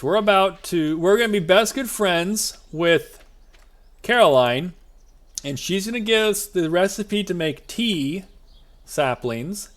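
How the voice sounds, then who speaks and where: A man streaming a farming game live, chatting to himself in a rambling, jokey way with lots of side tangents. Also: high-pitched. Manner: rambling, jokey, self-talking asides. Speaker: VTuber streamer. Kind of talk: live-streamed gameplay commentary.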